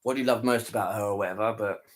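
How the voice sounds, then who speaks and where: A man's voice: fairly low pitch, fairly even intonation, very fast. A tired man chatting casually to his viewers after a live stream, rambling, repeating himself and trailing off. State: tired, worn out.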